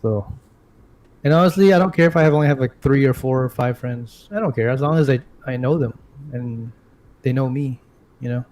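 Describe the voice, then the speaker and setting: A man's voice: medium pitch, brisk, low-quality recording. A man co-hosting a casual gaming podcast, joking with his partner. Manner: joking, lively intonation. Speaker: podcast co-host. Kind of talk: casual chat.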